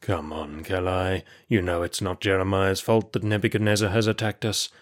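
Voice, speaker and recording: Brief: male narrator doing a soft-spoken, level-headed guard; low and hushed. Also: flat delivery, normal speed, close to an everyday voice. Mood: calm. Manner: soft, placating. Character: calm, sympathetic male prison guard.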